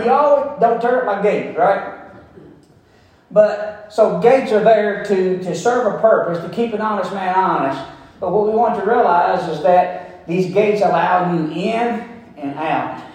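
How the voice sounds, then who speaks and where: A man preaching a sermon in a folksy, emphatic way, repeating phrases for stress. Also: high-pitched. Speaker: pastor. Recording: very echoey room, mic far off.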